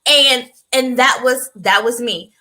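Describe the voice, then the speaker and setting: A woman co-hosting a podcast, telling personal stories in casual chat with an expressive, emphatic delivery. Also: fairly high pitch, takes it slowly, rough recording. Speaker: podcast co-host.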